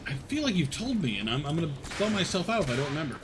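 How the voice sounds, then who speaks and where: A man's voice: fairly high pitch, sing-song, very fast, noisy background. A man streaming, chatting casually with his viewers, rambling and swearing with frequent laughs. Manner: chats with unheard viewers, reads chat.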